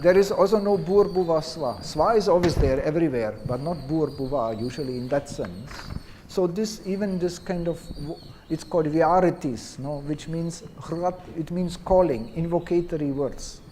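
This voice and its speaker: A man teaching Vedic chanting who explains gently and drops in many "you see" asides. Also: a little high, normal speed, a little hiss or hum.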